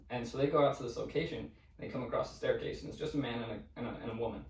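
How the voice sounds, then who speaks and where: A man's voice: medium pitch, quick pace, vocal fry. Casual man telling spooky stories, roomy sound. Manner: profane, animated storyteller. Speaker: podcast co-host. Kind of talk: casual storytelling chat. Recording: roomy, distant mic.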